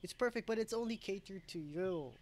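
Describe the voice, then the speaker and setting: Young male vlogger, slightly high voice, rambling and self-correcting, at his home desk. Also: a little fast, darkish tone. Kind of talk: rambling casual vlog. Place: home desk setup, indoors.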